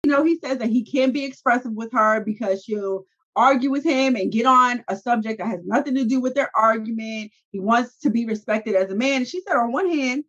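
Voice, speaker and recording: A woman's voice: a little high, brisk, few pauses, a bit bright, dull audio. A woman co-hosting a casual podcast, recapping a reality show in a blunt manner, swearing freely. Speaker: podcast co-host.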